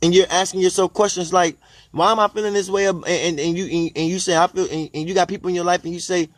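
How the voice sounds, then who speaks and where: High-voiced man giving an emphatic spiritual talk. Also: fairly even intonation, dry recording. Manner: repetitive, emphatic, drawing out key phrases slowly; exclaims in delight at his own ideas. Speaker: spiritual teacher. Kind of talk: spiritual monologue.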